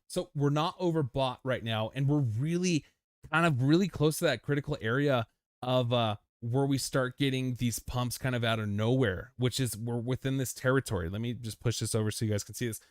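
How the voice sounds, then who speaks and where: A man's voice: mid-range voice, no echo, clean studio sound. A young man hosting a crypto livestream, chatting casually with viewers and talking through charts with lots of fillers. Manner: chatty, reads out viewer names, frequent fillers.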